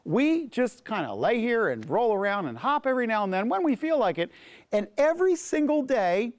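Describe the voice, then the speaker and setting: A man's voice: very high voice, voice pushed up. A man voicing a contented, pampered male rabbit who brags about his easy life on a farm. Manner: boastful, easygoing.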